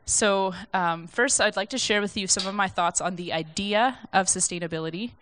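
A woman's voice: mid-range voice, normal speed, noisy background. A young woman giving an informal sermon from notes in a conversational, reflective, self-deprecating way. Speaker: speaker sharing a church message.

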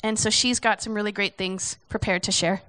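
Relaxed woman hosting a service, bright smooth voice. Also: medium pitch, fairly quick. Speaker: service host. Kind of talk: casual introductions.

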